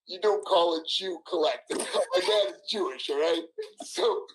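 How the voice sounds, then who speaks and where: A man in his sixties telling a story in an interview, animated, laughing, acting out everyone's voices. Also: high voice, unhurried, a little hiss or hum, rough recording. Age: 60s. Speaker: guest, former wrestler.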